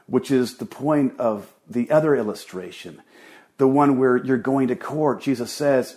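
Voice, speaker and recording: A man's voice: medium pitch, normal speed, dark tone. Earnest middle-aged male pastor preaching. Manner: earnest, emphatic preaching with repetitions. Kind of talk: sermon.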